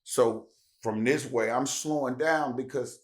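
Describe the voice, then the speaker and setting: A man's voice: medium pitch, measured pace. A man, telling a story casually as a podcast guest and acting out the dialogue. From Tennessee. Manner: animated, acts out dialogue with raised voice.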